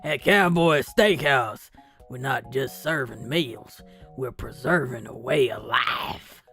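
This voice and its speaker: A woman voicing a deep-voiced male restaurant ad announcer with a smooth promotional read. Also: slow pace, fairly bright tone, soft background music, full character voice. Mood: salesy.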